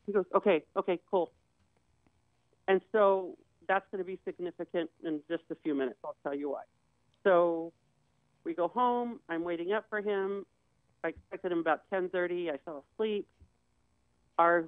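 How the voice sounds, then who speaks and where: A woman guest recounts a personal story, acting out each back-and-forth line of dialogue as she goes. Her voice is smooth and clear. It comes through a narrow, phone-like line with a dry, close sound. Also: on the low side, dry recording. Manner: retells conversations with quoted dialogue.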